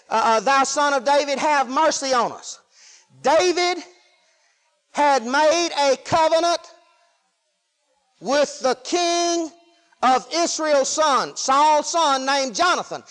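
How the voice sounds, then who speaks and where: A preacher delivers a sermon in a strikingly high voice. His talk is folksy, swinging from shouts to quiet asides, and the sound hangs in a long hall reverb. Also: takes it slowly.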